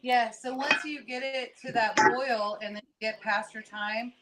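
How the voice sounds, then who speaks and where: A woman in her home kitchen, explaining relaxed and hands-on as she works, on a casual video-call livestream. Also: a little high, a little slow. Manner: relaxed, explains while working. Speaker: guest canner explaining. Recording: noisy background.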